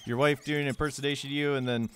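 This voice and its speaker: A man's voice: medium pitch, fairly even intonation, very fast, slight background noise. A young man narrating a game walkthrough in a casual, joking way, with sarcastic asides. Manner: joking, sarcastic asides with goofy put-on quotes.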